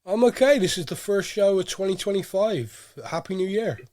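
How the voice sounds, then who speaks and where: A man's voice: high-pitched, normal speed, darkish tone, dry recording, studio quality. A man hosting a podcast, chatting casually and a little nasal from a cold. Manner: chatty, rambling with fillers. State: head cold, a bit nasal. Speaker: podcast host. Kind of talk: casual chat.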